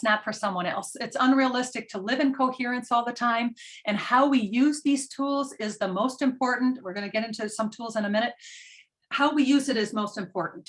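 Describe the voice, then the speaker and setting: A woman's voice: a little high, fairly bright tone. A middle-aged woman giving an earnest parenting talk, telling stories with frequent ums. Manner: earnest, storytelling with filler ums. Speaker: parenting educator. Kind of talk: presentation talk.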